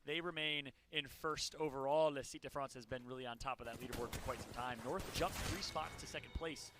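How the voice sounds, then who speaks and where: A man doing energetic play-by-play commentary as an esports caster, rising to shouts on eliminations. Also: mid-range voice, brisk, noisy background.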